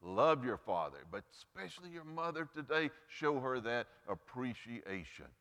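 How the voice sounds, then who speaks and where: A man's voice: big pitch swings, moderate pace, a bit bright, in a large hall. A man preaching a Mother's Day sermon as pastor, earnest, lifting and dropping his voice for emphasis, then praying. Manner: earnest preaching, pitch and volume rising and falling for emphasis. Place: church sanctuary.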